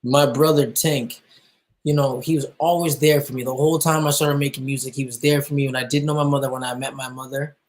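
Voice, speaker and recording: A young man, a musician guest, telling his personal story with emotion, halting and full of restarts and fillers. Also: medium pitch, level tone, poor audio.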